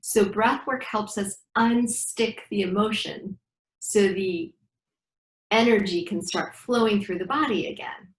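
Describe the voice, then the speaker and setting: A woman's voice: mid-range voice, measured pace. A middle-aged woman, a breathwork teacher, guiding breathing exercises and acting out dialogue as she tells stories in an interview. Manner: animated storyteller acting out dialogue. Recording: echoey room.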